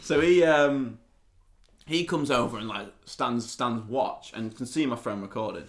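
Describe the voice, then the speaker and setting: A young man, co-host of a comedy chat show, telling a lively anecdote and laughing often. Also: mid-range voice, unhurried. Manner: animated anecdote teller, laughs often, acts out quotes. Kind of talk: casual storytelling chat.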